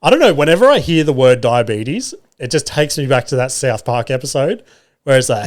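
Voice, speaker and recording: A man's voice: medium pitch, lively intonation, fairly quick. A man in his thirties with an Australian accent, hosting a podcast and telling wry, profane stories in a casual chat. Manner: profane, wry, lots of filler and acted-out quotes. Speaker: podcast host. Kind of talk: casual comedic storytelling. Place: home room.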